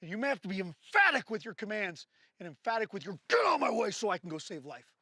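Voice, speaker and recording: A man's voice: sits high, big pitch swings, fast talker, sharp tone, slightly rough, no echo. A man working as a firearms instructor, explaining drills to his class with jokes and then barking short range commands. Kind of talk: live training-class instruction.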